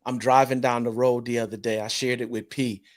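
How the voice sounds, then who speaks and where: A man hosting a casual conversation, emphatic and expressive, often repeating his words. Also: mid-range voice, fairly quick. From North Carolina. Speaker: podcast host. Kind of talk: casual chat.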